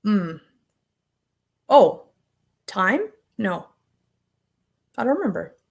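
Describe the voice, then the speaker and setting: A woman's voice: medium pitch, very animated, drawn-out words, creaky. Chatty homestead woman on a livestream. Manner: chatty, rambling, laughs often. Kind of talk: casual livestream chat reading comments.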